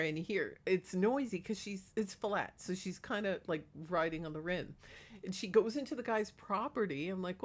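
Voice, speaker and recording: A woman's voice: medium pitch, animated, a little slow. Chatty, indignant woman gossiping. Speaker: vlogger. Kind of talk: casual gossip vlog. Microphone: clip-on microphone.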